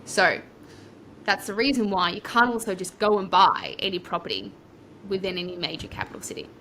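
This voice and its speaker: Young Australian woman, property-coach guest: chatty, rambling storyteller with a bright voice and faint noise. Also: medium pitch, a little fast. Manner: chatty, rambling, lively asides. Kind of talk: casual storytelling interview.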